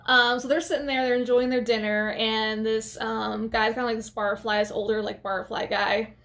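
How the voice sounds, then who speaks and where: A woman casually recapping a horror film for her channel, chatty and expressive, with plenty of filler words and side comments. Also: a little high, moderate pace. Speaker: movie reviewer. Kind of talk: casual movie recap to camera.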